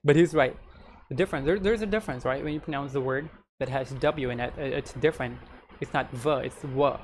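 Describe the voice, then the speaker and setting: A man's voice: medium pitch, fast talker, a little hiss or hum. Casual man reacting to a lesson. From India. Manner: casual, explains with examples and frequent "right?". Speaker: reaction video host.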